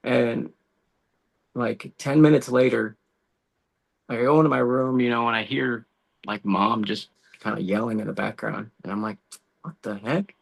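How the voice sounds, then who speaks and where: A man, a law enforcement officer, telling personal stories as a guest in a casual podcast conversation, animated and full of "dude" and "bro.". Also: mid-range voice, moderate pace, gravelly, pauses often. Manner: animated storytelling, says dude and bro a lot.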